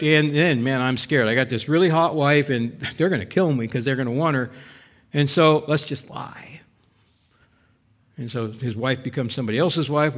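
A middle-aged man preaching a sermon, animated, acting out people's doubts and asking the congregation rhetorical questions. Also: on the high side. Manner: animated, voices the doubts of biblical figures, rhetorical questions to listeners. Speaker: pastor.

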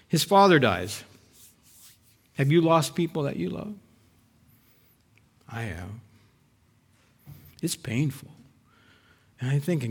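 A middle-aged man preaching a sermon, animated, acting out people's doubts and asking the congregation rhetorical questions. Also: a little high, takes it slowly, pauses often. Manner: animated, voices the doubts of biblical figures, rhetorical questions to listeners. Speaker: pastor.

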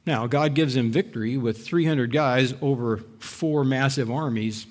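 A middle-aged man preaching a sermon, animated, acting out people's doubts and asking the congregation rhetorical questions. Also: mid-range voice, unhurried, few pauses. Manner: animated, voices the doubts of biblical figures, rhetorical questions to listeners. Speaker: pastor.

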